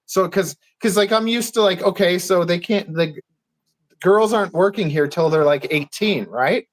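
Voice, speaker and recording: High-voiced man, rambling chat. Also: normal speed. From Canada. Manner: rambling, laughs often, acts out quotes. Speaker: podcast guest. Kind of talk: casual chat.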